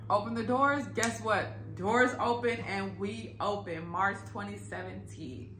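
A woman telling a story to her viewers in a casual, animated and profane way, acting out the quotes. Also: medium pitch, a little slow, slight background noise. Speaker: vlogger. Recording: echoey room.

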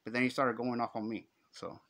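A man's voice: mid-range voice, flat delivery, brisk, a bit bright. A middle-aged man with a Chicano Los Angeles accent, telling a story in slangy street talk and acting out the quotes. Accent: Chicano English, Los Angeles. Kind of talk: casual storytelling.

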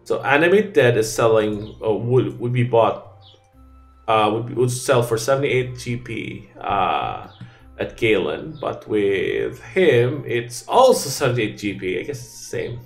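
A man's voice: fairly low pitch, sing-song, a little slow, soft background music. A man giving casual gameplay commentary, thinking aloud in an offhand way and often trailing off. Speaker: let's play gamer.

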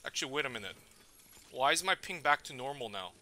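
A man's voice: medium pitch, lively intonation, quick pace, bright, forceful tone, slight background noise. A young man streaming gameplay, ranting in frustration and swearing a lot. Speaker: gaming streamer. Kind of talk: live gameplay commentary.

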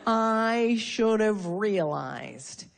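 A woman's voice: medium pitch, expressive, extremely slow, creaky, some chatter behind. A woman performing a stand-up comedy routine on stage before a live audience, brash and profane with insult humor.

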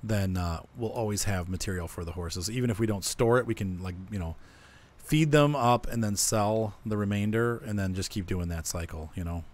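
A man's voice: fairly low pitch, moderate pace. A man hosting a co-op farming game, casually explaining his plans as he plays. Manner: explains plans while playing. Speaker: let's-play host. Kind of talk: casual gameplay chat.

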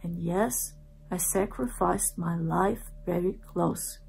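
A woman telling her own story in earnest, repeating herself and dropping to a hushed voice for the dark parts. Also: fairly low pitch, slow pace, creaky, breathy edge, soft background music. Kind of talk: personal storytelling.

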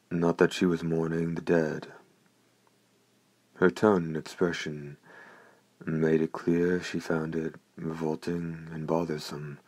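A male audiobook narrator with a very deep, husky voice. He tells the story in a steady, even way, keeping the reading unhurried. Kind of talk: scripted narration.

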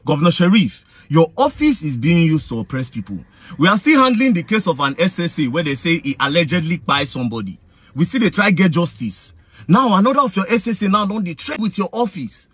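A man's voice: high-pitched, lively intonation, fast, fairly bright tone, breathy edge, dry recording. A man with a Nigerian Pidgin English accent ranting in a confrontational vlog, addressing his targets directly with heated accusations. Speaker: online commentator.

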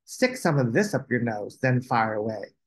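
A man voicing a practical, helpful male knight in a storybook read-aloud, brisk and coaching. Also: medium pitch, sing-song, lightly acted.

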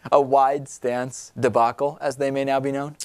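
A male talk show host riffs on the news with sarcasm and disbelief, his pitch jumping up when he is outraged. He speaks at an ordinary middle pitch into a close studio mic, and the sound is dry. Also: flat delivery, moderate pace, clear, resonant tone, dry recording. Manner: sarcastic, incredulous, laughs at the news. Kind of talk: political talk show commentary.

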